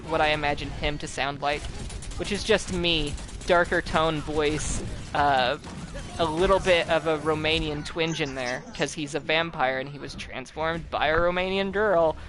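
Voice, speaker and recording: A man's voice: on the high side, fairly even intonation, moderate pace, over music. A young man chatting casually while gaming, rambling with lots of fillers and frequent swearing. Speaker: gaming channel host.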